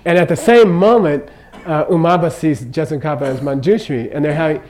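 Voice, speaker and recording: A man's voice: fairly high pitch, fairly quick, a little mellow, rough recording. An older man giving an informal Buddhist teaching in a chatty, joking way, constantly checking in with his listeners. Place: teaching room in Kathmandu.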